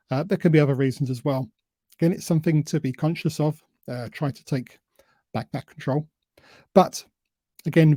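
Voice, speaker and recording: Brisk, bright-toned man giving a talk. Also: a little high, no echo. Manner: admits he talks too fast, deliberately varies pace and emphasis. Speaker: invited speaker. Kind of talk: presentation on public speaking.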